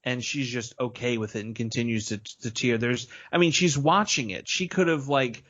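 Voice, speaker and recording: A man of middle pitch talks as a guest on a casual film-review podcast. He is chatty and opinionated, with loose, slangy phrasing. His voice comes through a slightly muffled, lo-fi line. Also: moderate pace, fairly bright tone.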